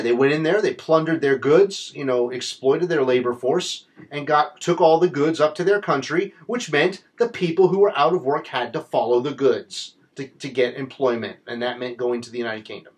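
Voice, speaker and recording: Impassioned American man commentating. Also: on the high side. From United States. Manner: impassioned, blunt, repetitive emphasis. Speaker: political commentator. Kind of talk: opinion commentary.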